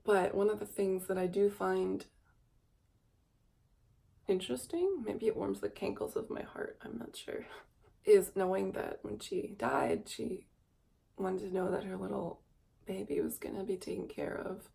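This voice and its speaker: Speaking unhurriedly with frequent pauses, this vlogger has a creaky, dark-toned voice. She is a weary woman in her twenties sharing a rambling, wistful confessional to a camera mic, now and then slipping into a cooing baby voice.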